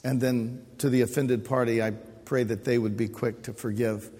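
A middle-aged man preaching a sermon as pastor, with a husky voice, repeating key phrases and calling for amens from the congregation. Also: mid-range voice, fairly even intonation, normal speed, dark tone. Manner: preaching with repetition and call-and-response. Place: church sanctuary. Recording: long hall reverb.

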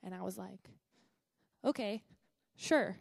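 A woman's voice: medium pitch, slow, creaky, no room sound. A young woman, a missionary sharing her testimony at a church service in an earnest, chatty way full of fillers.

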